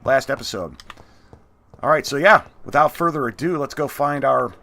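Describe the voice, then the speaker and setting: A man's voice: mid-range voice, moderate pace, gravelly, bright, forceful tone, soft background music. A man hosting a let's play, giving casual gameplay commentary with chatty, half-muttered asides.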